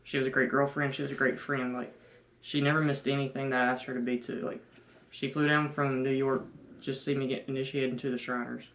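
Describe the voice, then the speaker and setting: A young man with a thick Southern country accent speaks earnestly and rambles. His delivery stays flat, with little rise or fall in pitch. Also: fast talker, slight background noise, poor audio. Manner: rambling, heavy fillers, earnest. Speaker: fiancé, guest. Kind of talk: casual chat.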